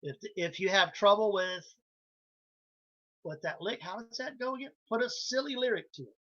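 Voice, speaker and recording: A man's voice: sits high, lively intonation, moderate pace, sharp tone, muffled recording. A man teaching harmonica in a live online lesson, explaining licks step by step in a casual way and counting in the band. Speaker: harmonica instructor. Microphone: video call.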